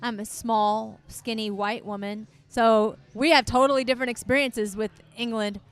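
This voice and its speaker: A woman's voice: on the high side, steady tone, moderate pace, clear, resonant tone, no room sound. An American woman co-hosting, sharing chatty, amused anecdotes in casual conversation, recorded close and dry. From United States. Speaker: podcast co-host. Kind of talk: casual chat.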